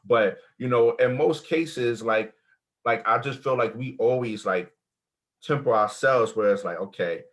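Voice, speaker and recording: A man's voice: medium pitch, measured pace, fairly bright tone. A man joining a casual panel discussion, talking loosely with many fillers.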